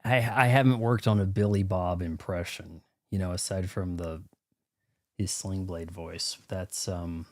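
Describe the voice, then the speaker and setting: A man's voice: low voice, fairly even intonation, measured pace. A man streaming a video game, talking casually and rambling while joking and muttering to himself. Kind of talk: casual gameplay commentary.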